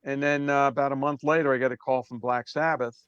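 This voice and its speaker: A man in his sixties from Brooklyn with a New York accent, telling stories as an interview guest in a relaxed way that trails off softly. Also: mid-range voice, fast, smooth, no echo, highs cut off. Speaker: drummer guest. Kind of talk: casual interview storytelling.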